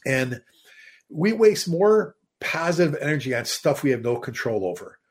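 Animated storytelling fire chief, a man. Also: fairly high pitch, normal speed, husky. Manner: animated, many restarts and repeated words. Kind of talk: casual storytelling.

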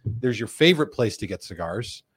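A man from the United States hosting a casual live-stream chat, joking and animated. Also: fairly low pitch, normal speed, slightly rough. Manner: joking, animated, puts on mock voices. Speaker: host.

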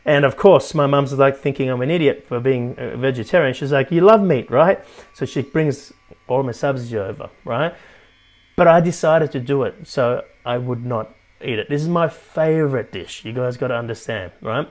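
A man's voice: mid-range voice, normal speed. A man hosting a motivational podcast as a life coach, talking animatedly and tagging his points with "right?". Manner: keeps adding "right?", animated.

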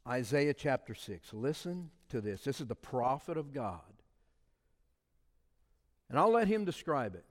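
A man preaching a sermon, swinging between shouted emphasis and hushed, quiet asides. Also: mid-range voice, very animated, a little slow, long pauses, big-room sound. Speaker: pastor.

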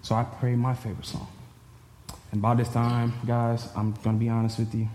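A man's voice: medium pitch, completely flat delivery, normal speed, dark tone, slight background noise. A man telling an emotional personal story to a church congregation. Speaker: churchgoer giving a personal testimony. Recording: echoey hall with faint ambience.

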